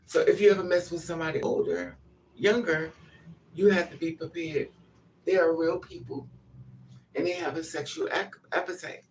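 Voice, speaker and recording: A woman's voice: low voice, fairly even intonation, moderate pace, distant mic, a little hiss or hum. An older woman hosting a casual livestream, talking frankly, laughing often and greeting viewers by name. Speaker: livestream host.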